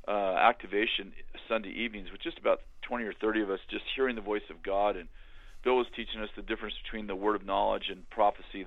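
An older man telling his story in a halting, conversational way, with many restarts, as a guest on a remote call. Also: fairly low pitch, dry recording. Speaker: guest, author and minister. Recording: tinny phone-like line.

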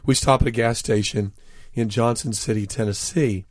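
An author appearing as an interview guest tells anecdotes earnestly, pausing on fillers and slowing right down on key words for emphasis. His middling-pitched voice is a little mellow, captured close and dry in the studio with no room sound.

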